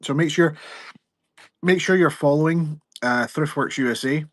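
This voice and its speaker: A man hosting a selling livestream chats casually, rambling, joking and cutting himself off. His voice is fairly high and moves at a normal speed, with clean studio quality and no room sound.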